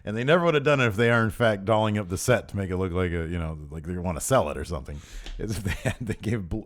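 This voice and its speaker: A man's voice: deep voice, racing. A man co-hosting a podcast in casual chat, joking and laughing often as he talks. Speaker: podcast co-host.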